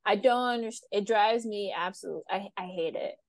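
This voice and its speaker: A woman's voice: medium pitch, moderate pace, no echo. A woman co-hosting a podcast in casual chat, ranting with exasperation about her pet peeves. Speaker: podcast co-host.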